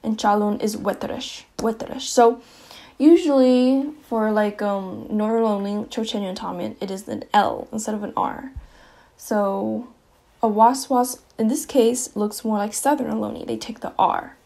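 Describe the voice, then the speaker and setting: A woman giving a casual slideshow lesson, saying each example word twice, with fillers and quick self-corrections. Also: a little high, vocal fry, warm tone. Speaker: presenter explaining languages.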